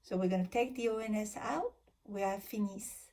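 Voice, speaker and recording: A woman's voice: mid-range voice, moderate pace, mellow. A woman teaching grammar in a recorded lesson, patiently walking through verb endings and spelling them out letter by letter. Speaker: French teacher.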